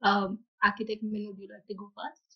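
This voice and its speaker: A woman's voice: medium pitch, monotone, fairly quick, husky. A woman interviewer politely asking guests questions over a video call, with hesitant fillers. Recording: muffled video-call audio.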